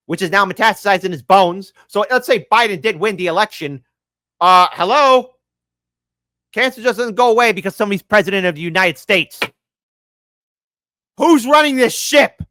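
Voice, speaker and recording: A man runs a political commentary show in an exasperated, sarcastic rant and keeps tripping over his own restarts. His voice is bright and forceful, and his pitch leaps and falls all over the place. The sound is dry and close to the mic. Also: no room sound. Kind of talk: ranting news commentary.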